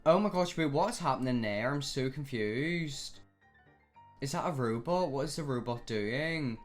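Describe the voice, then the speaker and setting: A man's voice: mid-range voice, expressive, measured pace, faint music behind. A young man hosting a casual reaction video, just woken up, rambling and flustered as he talks. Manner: rambling, flustered, filler-heavy.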